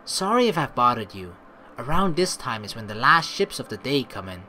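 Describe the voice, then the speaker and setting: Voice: medium pitch, sing-song, moderate pace, bright, forceful tone, a little hiss or hum, pitched below the performer's own voice. A performer reading a visual novel aloud, voicing a poor orphan boy who works as a guide, in a meek, pleading manner.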